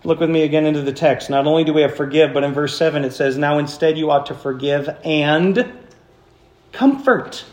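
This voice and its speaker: A man preaching a sermon as pastor, animated, swinging from hushed passages to loud, high-pitched points. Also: a little fast, reverberant. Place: church.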